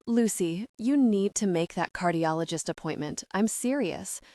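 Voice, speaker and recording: Soothing middle-aged mom read by a woman, gentle and tender, dry close sound, mid pitch. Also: expressive, normal speed, no echo, lightly acted. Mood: tender reassurance. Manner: gentle, reassuring.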